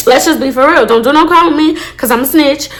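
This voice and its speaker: A woman telling a casual storytime to her viewers, animated and full of swearing. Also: high-pitched, quick pace. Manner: animated, swears a lot, addresses viewers as y'all. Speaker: storytime vlogger.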